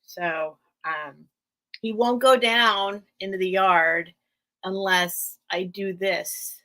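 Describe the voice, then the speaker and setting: A woman's voice: mid-range voice, steady tone, slow pace, a bit bright. An American woman hosting a live sale stream, chatting casually and rambling, with frequent laughs. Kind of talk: casual livestream chat.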